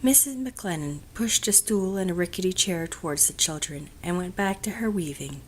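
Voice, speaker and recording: A woman narrating an audiobook of a classic novel in a gentle, measured storytelling voice that often drops to a hush. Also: lowish voice, expressive, a little hiss or hum.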